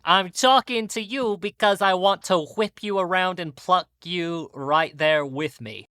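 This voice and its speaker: Brief: man putting on a loud, drawling mock-Aussie wildlife showman with a Brooklyn twist, crisp and dry. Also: sits high, unhurried, no room sound. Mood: hammy. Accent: mock Australian mixed with Brooklyn. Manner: exaggerated, drawling, loud, self-mocking. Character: cartoon duelist doing a wildlife showman impression, brash male. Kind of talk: comic impression on a podcast.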